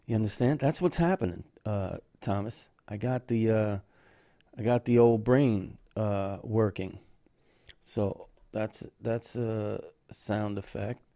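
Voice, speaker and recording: Man, rambling podcast host, warm dark voice, dry recording. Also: lowish voice, dry recording. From Brooklyn, New York. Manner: rambling, chatty, greets viewers by name. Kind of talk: casual livestream chat.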